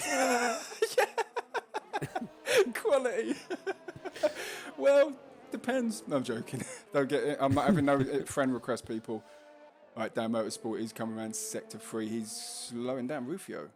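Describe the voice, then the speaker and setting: A man's voice: mid-range voice, fairly even intonation, moderate pace, darkish tone. Chatty London man calling a sim race. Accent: London Cockney. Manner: chatty, jokey, reads out chat messages. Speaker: race commentator and stream host. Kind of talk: casual live race commentary.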